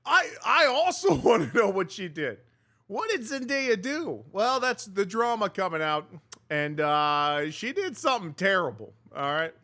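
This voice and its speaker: A man hosting a casual entertainment news segment, chatting to viewers with sarcastic asides and quick reactions. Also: high voice, sing-song, bright, forceful tone. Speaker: news show host.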